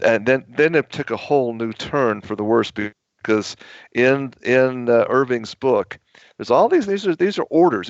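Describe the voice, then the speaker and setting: A man with a gravelly, fry-edged voice tells long, emphatic stories as a radio guest. His delivery rambles forward with plenty of push. The sound is dry and a bit dull and lo-fi, like an older broadcast feed. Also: mid-range voice, dry recording. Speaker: author guest on a radio show. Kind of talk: radio talk show storytelling.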